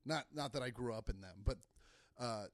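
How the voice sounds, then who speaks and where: A man's voice: mid-range voice, normal speed, dry recording. A man from the Kansas City area, a comedian guest on a podcast, swearing and laughing through casual chat. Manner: loud and laughing, swears often, acts out quotes.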